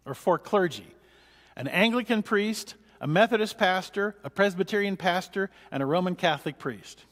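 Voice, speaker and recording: Male pastor, loose chatty teaching, fairly high voice, reverberant church hall. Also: expressive, normal speed, a bit bright. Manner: rambling and chatty, with many fillers and restarts. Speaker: pastor teaching a book study. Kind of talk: conversational church lesson.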